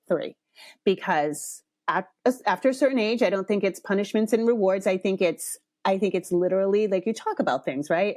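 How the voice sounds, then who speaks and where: A woman's voice: mid-range voice, darkish tone, dry recording, studio quality. A middle-aged woman hosting a podcast, telling a story in a frank, blunt way with some swearing. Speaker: podcast host. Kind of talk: casual storytelling monologue.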